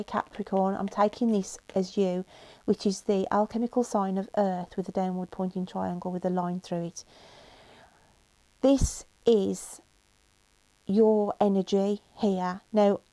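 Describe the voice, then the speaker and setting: Brief: woman tarot reader, mellow, emotional and reassuring, dry close sound. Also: medium pitch, level tone, measured pace, dry recording. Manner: emotional, reassuring, many fillers and "okay?" checks. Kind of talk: tarot reading monologue.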